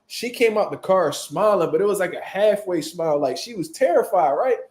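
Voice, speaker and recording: A man telling a story in casual chat, animated and full of profane street slang. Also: sits high, fairly quick, roomy sound. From Philadelphia, US. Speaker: boxing show host.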